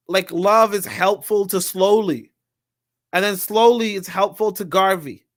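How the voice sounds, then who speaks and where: A man's voice: sits high, dry recording. Slangy man live-streaming from a handheld device, dry sound. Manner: loose slangy talk with many fillers and restarts, shifting to steady reading of passages. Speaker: live-streamer reading a book aloud. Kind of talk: casual live-stream reading and commentary. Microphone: handheld portable computer.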